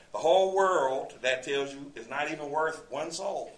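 Speaking at normal speed with a voice on the high side, a male preacher teaches his sermon verse by verse. His delivery is conversational, full of scripture quotes and rhetorical questions, and the audio comes from a distant mic in an echoey room.

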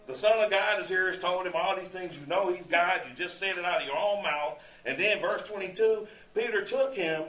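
A man's voice: sits high, moderate pace, hardly any pauses, a bit bright. A male preacher teaching a sermon verse by verse, conversational, quoting scripture and asking rhetorical questions. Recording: echoey room, distant mic.

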